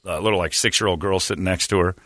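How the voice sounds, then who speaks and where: A man hosting a morning radio show, telling stories and reacting loudly with lots of laughter. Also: low voice, fast, no room sound, clean studio sound. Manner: loud exclamations, laughing, animated storytelling. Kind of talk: casual radio banter and storytelling. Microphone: studio mic.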